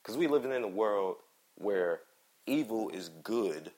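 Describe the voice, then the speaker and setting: A man's voice: on the low side, expressive, measured pace, darkish tone. Angry man ranting on his podcast. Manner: heated, profane, repetitive ranting. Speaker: podcast host. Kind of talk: angry solo commentary.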